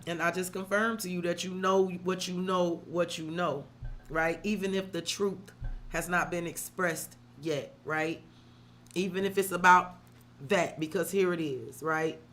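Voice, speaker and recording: A woman's voice: lowish voice, steady tone, measured pace, a bit bright, soft background music. A woman tarot reader on a live stream, talking openly and emotionally to her viewers and swearing freely. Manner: talks straight to viewers, calls them girl and sis.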